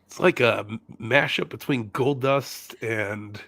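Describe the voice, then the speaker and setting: A man co-hosting a wrestling podcast in loose, casual chat. He laughs easily, drops casual swears and restarts his sentences as he goes. His mid-pitched voice is recorded close and dry. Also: slow pace, pushed and bright, no room sound. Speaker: podcast co-host.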